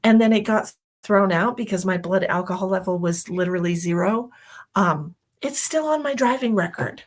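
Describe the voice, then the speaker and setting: A woman hosting a live psychic reading stream, chatting casually in an excitable way, with laughs and whispered asides. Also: mid-range voice, normal speed. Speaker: psychic medium host. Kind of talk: casual livestream chat.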